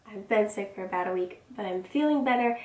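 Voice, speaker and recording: Young female beauty vlogger, hoarse from a cold, upbeat and chatty, mid pitch, a little off-mic in an echoey room. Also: brisk, a little mellow, distant mic. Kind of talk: casual makeup vlog intro.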